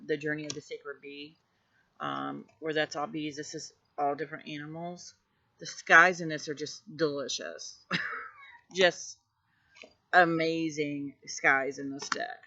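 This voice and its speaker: A woman gushing over her tarot cards in a casual vlog, her bright, sharp voice carrying a gravelly fry. She piles on effusive praise and now and then drops to a hush. The recording sounds a little dull and lo-fi. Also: deep voice. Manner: drops to a hushed voice at times. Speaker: tarot deck reviewer. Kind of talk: casual show-and-tell vlog.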